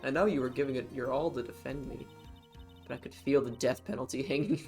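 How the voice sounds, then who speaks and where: A bright young medium girl from a courtroom game, read out by a man in his own middling voice speaks lightly. Faint music plays behind her. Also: medium pitch, brisk, lightly acted. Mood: relieved.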